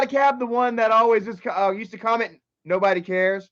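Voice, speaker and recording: A man hosting a casual livestream, reading chat and commenting in an excitable, profane way that swings from loud outbursts to low muttering. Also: brisk, hardly any pauses. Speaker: livestream host. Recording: dull lo-fi stream audio.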